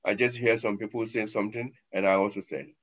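A man voicing a frightened dead person in the grave, crying out in a high pleading voice, on a dull lo-fi recording. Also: fairly even intonation, quick pace, husky. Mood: bewildered.

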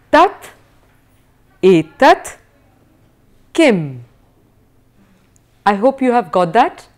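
A woman teaching a recorded Sanskrit lecture, drilling words slowly and carefully with exaggerated pronunciation and a rising tone on questions. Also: on the high side, a little mellow.

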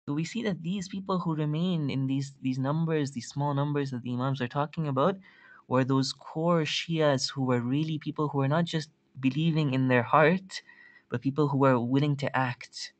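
A male instructor gives a lecture in a voice that sits a bit higher than most men's. He retells a story at length, quotes Arabic texts and often restarts or repeats his words. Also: fairly even intonation, normal speed, no echo. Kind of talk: recorded religious studies lecture.

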